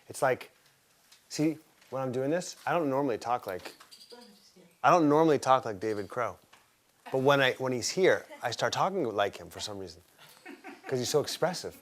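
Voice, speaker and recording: A man leads a live herbalism class in a casual, enthusiastic way, stopping to quiz his students. His voice sits at an ordinary middle pitch for a man, and his pace is relaxed and conversational. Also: normal speed, long pauses. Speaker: herbalism teacher.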